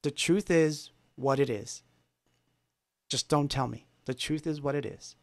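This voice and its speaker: A man putting on a calm young male rock musician, speaking quietly. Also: mid-range voice, a little slow, vocal fry, dry recording.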